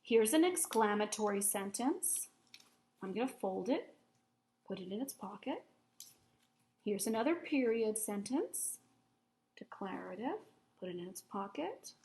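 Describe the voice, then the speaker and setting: A woman teacher giving a recorded grammar lesson for children, explaining patiently, clearly and step by step. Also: mid-range voice, sing-song, a little slow, pauses often, mellow, a little hiss or hum.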